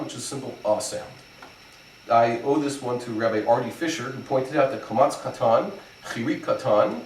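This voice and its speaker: A male rabbi giving a methodical lesson on pronunciation, spelling out examples and pausing on fillers as he explains. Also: mid-range voice, distant mic. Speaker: rabbi teaching Hebrew pronunciation. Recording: echoey room, voice from off the mic, faint background noise.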